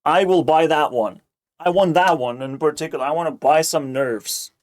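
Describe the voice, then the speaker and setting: Streamer, male, slightly high voice, sarcastic, swears nonstop, rambles. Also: normal speed. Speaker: streamer reacting to a video. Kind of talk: casual profane rant.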